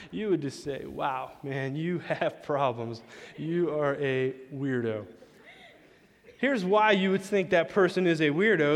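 Pastor guy telling funny stories from the pulpit, kinda high voice, long echo in the room. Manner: storytelling, chatty, acts out dialogue. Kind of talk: sermon with personal stories. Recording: long hall reverb.

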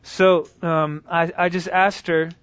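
A man with a fairly high voice tells stories to teach a group, lively and conversational, often restarting his sentences. The recording is dull and lo-fi, with a dry, close sound and no room echo. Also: takes it slowly, smooth. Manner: conversational, animated retelling with restarts. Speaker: speaker teaching evangelism. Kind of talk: storytelling lecture.

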